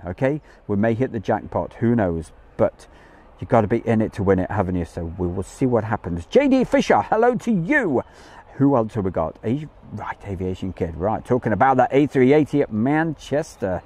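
A man with a fairly low voice chats away on a live stream from an outdoor campsite field. His pitch swings widely and animatedly as he jokes and greets viewers one by one. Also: lively intonation, a little fast, warm tone. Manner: jokey, chatty, greets viewers by name. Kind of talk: casual live-stream chat.

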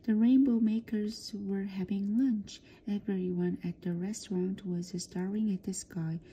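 A woman reading a children's storybook aloud for practice, softly and often in a whisper. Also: mid-range voice, steady tone, unhurried, a little hiss or hum. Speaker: reader.

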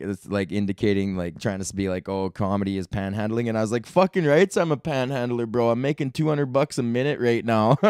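Male comedian host, 30s, profane and animated storyteller, dry booth. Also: mid-range voice, clear, resonant tone, dry recording. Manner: profane, excitable, laughs often. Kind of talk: casual storytelling rant.

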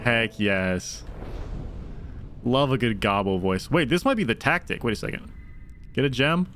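A man's voice: medium pitch, lively intonation, a little slow, fairly bright tone, a little hiss or hum. Easygoing man chatting over a game. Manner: chatty, thinking aloud, talking to chat. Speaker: game streamer. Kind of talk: casual commentary over gameplay.

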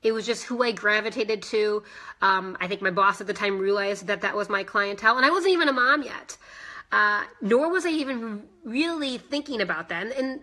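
Bright-voiced chatty woman vlogger. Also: mid-range voice, animated, moderate pace. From United States. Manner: chatty, emotional, addresses live viewers by name. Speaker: fitness instructor vlogger. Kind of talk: live-streamed personal vlog.

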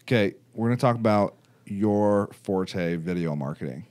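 Deep-voiced easygoing young host. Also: male voice, moderate pace, darkish tone. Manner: easygoing, moves the show along. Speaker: podcast host. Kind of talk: casual office banter.

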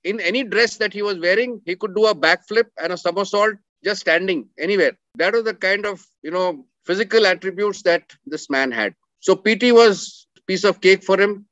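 A man's voice: high-pitched, moderate pace, few pauses, a bit bright, dry recording, dull audio. A middle-aged man, earnestly telling a story about a coursemate and repeating words for emphasis. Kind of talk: storytelling talk with slides.

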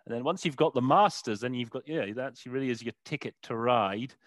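A man's voice: medium pitch, brisk, no room sound. A man who works as an interpreter, talking casually in an interview and often stopping to search for words with many fillers. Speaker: interpreter guest. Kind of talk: conversational interview.

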